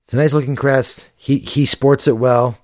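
An easygoing man co-hosts a podcast over a remote call, hesitating and padding his talk with fillers. The sound is dry and close, and his pitch sits in the middle. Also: flat delivery, normal speed, no echo. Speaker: podcast co-host. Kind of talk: casual chat.

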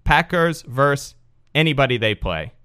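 A man's voice: medium pitch, animated, moderate pace, sharp tone, clear, resonant tone. A man hosting a podcast, reading a listener's email aloud in a joking, sardonic way. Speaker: podcast host.

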